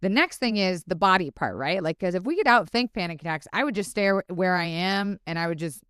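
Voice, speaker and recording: Woman, podcast guest, low pitched, smooth clear tone, candid, expressive, swears, dry close mic. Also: fairly quick, no room sound. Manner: frank and expressive, swears freely, acts out inner dialogue. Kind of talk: casual interview chat.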